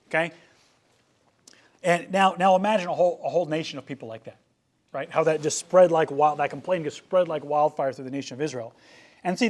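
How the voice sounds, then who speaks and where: Animated, joking male youth preacher. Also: a little high. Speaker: youth pastor. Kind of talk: sermon.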